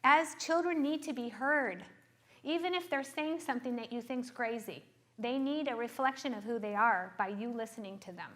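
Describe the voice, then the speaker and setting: A middle-aged woman with a fairly high voice talks as a therapist. She explains ideas earnestly to listeners, stopping often to ask whether they follow. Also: moderate pace, a bit bright. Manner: earnest, checks in with frequent rhetorical questions. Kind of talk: explaining to an audience.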